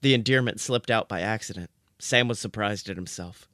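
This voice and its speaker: A man reading out comic fan fiction in a dry, deadpan narrating voice. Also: lowish voice, normal speed, hardly any pauses, no echo.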